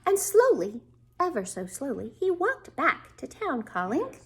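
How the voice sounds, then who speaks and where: A woman teacher reading a children's story aloud, expressive and asking the young listeners questions. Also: sits high, a little slow.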